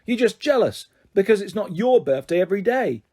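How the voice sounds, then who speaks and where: A man's voice: high voice, very animated, fairly quick, darkish tone, voice pushed up. A man voicing a young, self-centred boy in a storybook reading, eager and prone to stammering. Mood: pleading.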